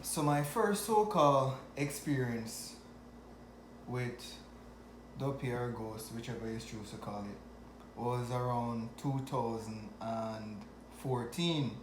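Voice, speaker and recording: A man from Jamaica with a Jamaican accent, telling a personal story to camera in an animated way, often chuckling. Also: mid-range voice, slow, noisy background. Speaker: vlogger. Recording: echoey room.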